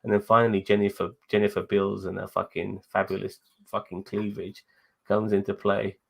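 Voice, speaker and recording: A man's voice: on the low side, level tone, normal speed, gravelly, breathy edge, lo-fi sound. A man co-hosting a show, chatting casually in a rambling way, with lots of swearing and laughter. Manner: profane, rambling, laughs while talking. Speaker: podcast co-host. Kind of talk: casual chat.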